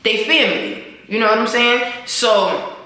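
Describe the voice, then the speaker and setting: A woman's voice: a little high, unhurried. A woman recapping a TV episode in a casual, slangy way, swearing freely and acting out what the characters say. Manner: animated, slangy, swears, acts out characters' lines. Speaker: show recap vlogger. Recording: echoey room.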